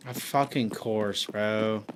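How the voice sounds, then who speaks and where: A man's voice: fairly low pitch, fairly even intonation, takes it slowly, background noise. A man streaming a game live, talking casually to his chat, frustrated and swearing as he rambles.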